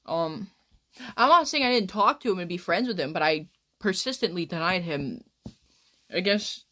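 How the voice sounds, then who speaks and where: A woman's voice: lowish voice, expressive, moderate pace, a bit bright. A woman in her twenties, a streamer rambling through crude stories in casual chat. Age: 20s.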